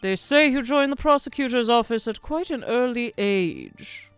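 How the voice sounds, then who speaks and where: A woman voicing a gruff, doubtful old male judge in a mock old man voice. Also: on the high side, animated, moderate pace, soft background music, pitched above the performer's own voice.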